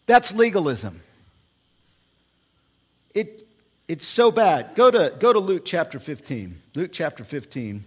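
Emphatic preacher with a higher voice. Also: male voice, sing-song, slow, long pauses, husky. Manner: emphatic, repeats key phrases, swings from quiet to loud. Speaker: pastor. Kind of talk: sermon. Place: church.

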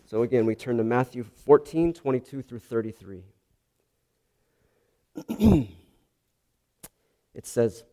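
A man's voice: mid-range voice, slow, long pauses, mellow. A man preaching, first praying and then reading scripture and explaining it in an earnest, conversational way. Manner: earnest, conversational, with restarts and asides. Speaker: pastor. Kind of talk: sermon with prayer and scripture reading.

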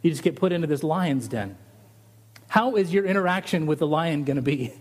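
A middle-aged man delivers a sermon in a lighter, higher-pitched voice. He preaches with animation and pushes his pitch up on each rhetorical question. He settles back into easy storytelling between the big points. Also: expressive, brisk, slightly rough. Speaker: pastor.

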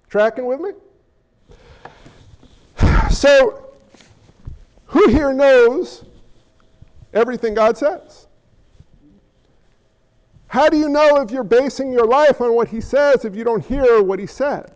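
A man's voice: very high-pitched, slow, pauses often, darkish tone, highs cut off. A man preaching a sermon as pastor, talking conversationally and playfully while questioning his congregation.

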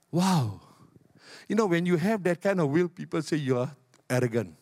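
An older man, a retired pastor, preaching a sermon with emphatic, repetitive phrasing and big swings in pitch. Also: lively intonation, moderate pace, darkish tone, dry recording, clean studio sound.

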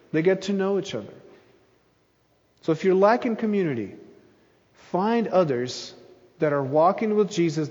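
A man's voice: sits high, darkish tone, long reverb tail, muffled recording. A man preaching a sermon in an earnest voice, pressing hard on his key phrases. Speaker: pastor.

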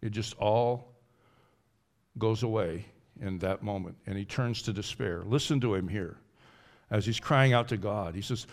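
A man preaching a sermon, going from loud and high to quiet and low, and acting out pleading in the first person. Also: measured pace. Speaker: pastor.

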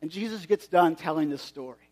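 A man preaching a sermon with a high-pitched voice. He retells a story in an easygoing, conversational way and drops in quick asides as he goes. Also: a little mellow. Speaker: pastor.

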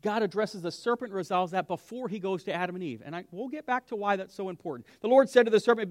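A man's voice: high voice, quick pace, few pauses, dry recording, studio quality. A man, a pastor, teaching a conversational Bible lesson, asking his listeners questions and dropping to a whisper for emphasis. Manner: lively, asks the room questions, drops to a whisper for emphasis.

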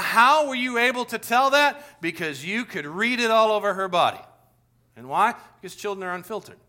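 Bright-voiced man preaching with lively stories. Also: sits high. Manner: lively storytelling, talks straight to the congregation. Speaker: pastor. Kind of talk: sermon.

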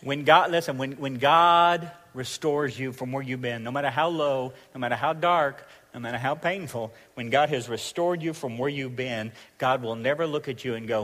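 A man's voice: mid-range voice, moderate pace, few pauses, fairly bright tone, big-room sound. A middle-aged man with a Southern accent preaching a sermon in a folksy, joking style with repeated phrases. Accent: Southern US (Arkansas). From Arkansas, US. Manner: folksy, jokey, repetitive preaching cadence. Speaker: pastor.

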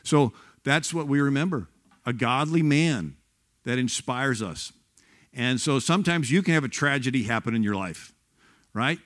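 A man's voice: medium pitch, animated, normal speed, fairly bright tone. A man giving a sermon-style history talk in a church, rambling with many restarts and growing fervent. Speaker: guest speaker on church history.

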